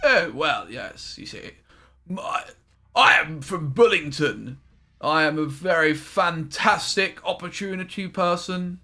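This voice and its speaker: A man voicing a pompous upper-class Englishman with a put-on posh English accent and a slow drawl. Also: on the high side, animated, sharp tone, voice pushed up, exaggerated voice.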